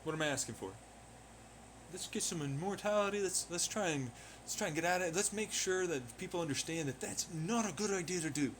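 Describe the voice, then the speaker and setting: A man's voice: sits high, expressive, fairly quick, fairly bright tone, slight background noise. A man rambling in a profane monologue, firing off rhetorical questions. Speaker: vlogger.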